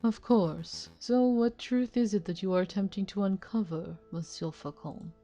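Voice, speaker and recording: A woman voicing a smooth, mysterious male fox con man who speaks in a suave, evasive, theatrical way. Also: medium pitch, moderate pace, dark tone, highs cut off, soft background music, close to an everyday voice.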